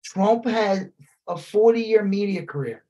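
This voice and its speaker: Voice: mid-range voice, slow, dark tone. A podcast co-host in a casual political chat, ranting animatedly with lots of swearing and filler words.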